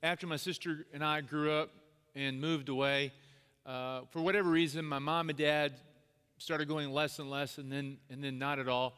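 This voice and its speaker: A middle-aged pastor preaches a sermon, sharing a personal story in an earnest, conversational manner and acting out the voices he quotes. His pitch is fairly high and his intonation fairly even, with a moderate pace and a slightly bright, clear, resonant tone. A long hall reverb surrounds the recording.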